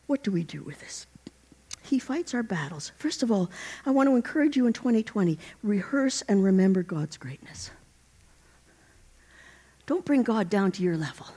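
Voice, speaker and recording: Animated woman preaching a sermon. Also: fairly high pitch, slightly rough. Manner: animated, exhorting the congregation.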